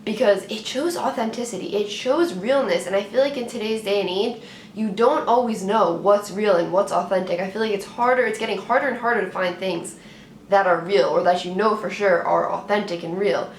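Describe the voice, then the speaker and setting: A woman's voice: medium pitch, a little fast, a little hiss or hum. Chatty young woman vlogging in a roomy space. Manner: chatty, playful, rambling with restarts. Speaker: sports vlogger. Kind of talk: casual talk to camera. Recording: roomy echo with faint ambience.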